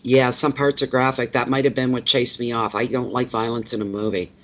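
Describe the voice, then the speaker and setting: On his laid-back live stream, a tarot reader from Canada welcomes viewers one by one and chats with them in a brisk, medium-pitched voice. He wanders in his talk and repeats words often, over slightly dull, muffled lo-fi audio.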